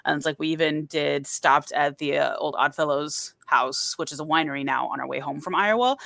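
A man's voice: a little high, brisk, vocal fry, pushed and bright, dry recording. A man telling stories in casual chat, upbeat. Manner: storytelling, upbeat.

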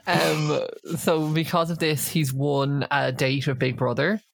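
A man's voice: fairly high pitch, flat delivery, measured pace, vocal fry, no room sound. A man co-hosting a podcast, chatting casually and jokily as he recaps a reality show, with lots of fillers. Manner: chatty, jokey, many fillers. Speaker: podcast co-host.

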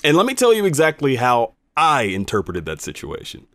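Man telling a personal story, lively pitch, emphatic, dry close sound. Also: fairly quick, no echo. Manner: animated, conversational, emphatic. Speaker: radio host.

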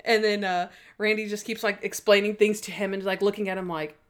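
A woman's voice: mid-range voice, fairly quick, very noisy. Chatty woman recapping a TV episode. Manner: animated retelling with many "like"s, acting out scenes. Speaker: podcast co-host. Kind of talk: casual chat recapping a TV episode.

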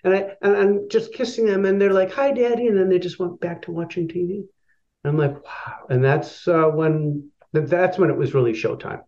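A man's voice: sits high, steady tone, moderate pace, darkish tone, muffled recording. A man telling a long personal story as a guest, with lots of fillers and restarts. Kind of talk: storytelling in an interview.

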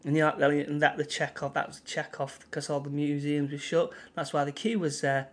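A man's voice: fairly high pitch, flat delivery, moderate pace. A man with a Manchester accent co-hosting a casual podcast, telling a rambling story full of restarts and fillers. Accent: Mancunian English. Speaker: podcast co-host. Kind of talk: casual chat.

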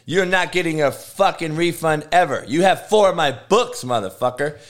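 A man, a football coach on a livestream, answering chat with profane, confrontational rants that swing from low mutters to loud, high tirades. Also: expressive, normal speed. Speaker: football coach streaming live.

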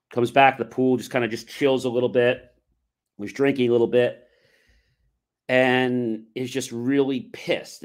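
A man hosting a livestream, telling a rambling personal story and acting out the other people's lines with many fillers and restarts. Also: medium pitch. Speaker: livestream host.

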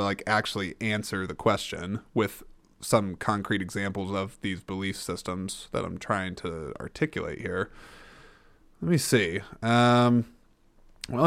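A man's voice: lowish voice, a bit bright, no echo. Rambling male podcast host, dry sound. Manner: rambling, self-interrupting, thinks aloud. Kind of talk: casual solo podcast talk.

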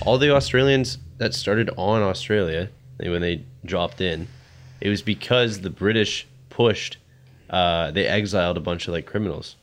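Low-voiced young man in loose banter. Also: normal speed, slight background noise. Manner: loose, swearing banter with frequent laughs. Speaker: podcast co-host. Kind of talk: casual chat.

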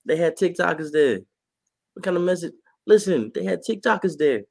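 A man co-hosting a podcast and reporting on sports, talking in a casual, animated way and laughing often. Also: a little high, a little fast, creaky, dry recording. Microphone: podcast mic.

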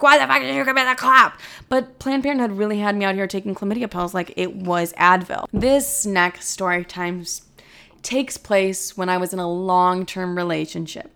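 A woman's voice: medium pitch, fairly bright tone, clean tone. A young woman in her twenties telling a storytime, dramatic and profane, saying 'like' constantly. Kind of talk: casual storytime monologue.

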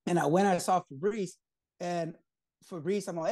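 A man, a guest on an interview show, telling a story in a lively way, acting out other people's lines and swearing casually. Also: fairly high pitch, quick pace, dry recording. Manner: lively storyteller who acts out quoted dialogue, casual swearing. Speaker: comic co-creator, guest.

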